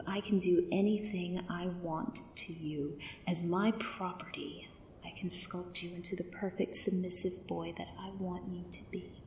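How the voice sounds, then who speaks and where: A woman speaks in a whispered role-play, slipping between a hushed, commanding soft voice and breathy whispers. Her delivery is very slow and unhurried, set fairly low. The recording carries a noticeable roomy echo with a faint hiss behind it.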